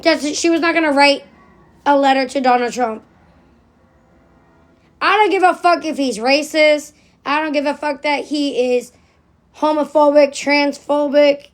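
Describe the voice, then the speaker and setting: A woman's voice: high voice, steady tone, measured pace, long pauses. A middle-aged woman ranting in a livestream monologue, blunt and profane, repeating phrases for emphasis.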